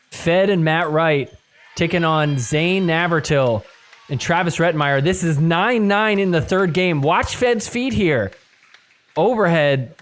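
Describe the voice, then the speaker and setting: A man hosting a podcast, recapping match clips and acting out the players' reactions. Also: on the high side. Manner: animated, acts out players' reactions. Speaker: podcast host.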